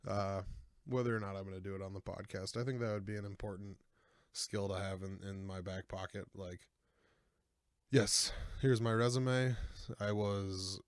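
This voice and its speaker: Young male podcast host, low voice, dead-dry sound; loose, joking, filler-heavy rambling. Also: clear, resonant tone, no room sound. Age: 20s. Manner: rambling, joking, self-deprecating, many fillers. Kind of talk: casual comedic chat.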